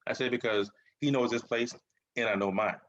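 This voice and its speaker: Halting man on a dull lo-fi line. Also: mid-range voice, steady tone, fairly bright tone. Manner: halting, repeats words, emphatic affirmations. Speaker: guest. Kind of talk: casual conversation. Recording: slightly dull lo-fi sound.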